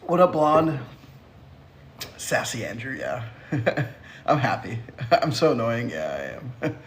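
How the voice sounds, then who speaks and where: A man hosting a casual livestream from a phone, answering his viewers with sassy, teasing quips. His voice has a gravelly edge and sits at an ordinary pitch. A faint hiss of noise runs underneath. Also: animated, a little slow, long pauses. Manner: sassy, teasing, laughs often. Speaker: livestream host.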